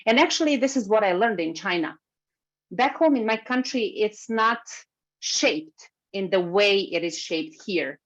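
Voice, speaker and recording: A woman giving a workshop talk over a video call, speaking in a lively way and moving as she talks. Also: medium pitch, a little slow. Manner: lively, moves while speaking. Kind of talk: webinar talk. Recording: slightly muffled video call recording.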